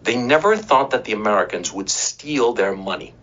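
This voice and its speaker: A husky-voiced man rants through a political commentary monologue with a lively, swooping pitch. He swears freely and keeps checking in with his listener, and the sound is dull and lo-fi. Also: moderate pace. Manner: profane, emphatic, rhetorical asides; checks in with "right?" and "okay?". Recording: dull lo-fi recording.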